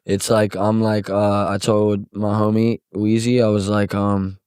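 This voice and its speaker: A man's voice: fairly low pitch, flat delivery, a little slow, darkish tone, smooth, no echo, studio quality. A young man from Missouri, a musician guest, telling a story casually and acting out quotes with lots of swearing.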